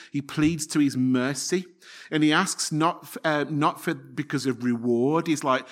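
A man's voice: on the high side, unhurried, a bit bright. A man preaching a sermon, earnest, often repeating his phrases and asking the congregation rhetorical questions.

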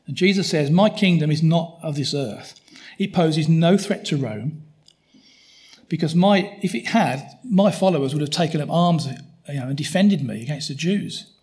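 Chatty preacher, fairly high voice. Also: male voice, animated, normal speed, darkish tone. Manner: conversational, frequent tag questions. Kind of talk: sermon.

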